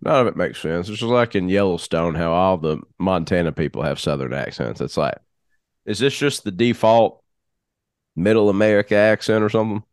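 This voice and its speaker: Man, podcast co-host, bronchitis, frequent laughter, lowish voice, dry sound. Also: normal speed, smooth, dry recording. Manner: laughs often, loose rambling. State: bronchitis, coughing. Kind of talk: casual chat.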